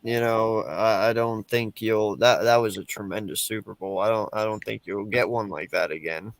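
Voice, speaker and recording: A man's voice: lowish voice, fairly even intonation, normal speed. A man in casual, profane sports talk, emphatic and full of restarts.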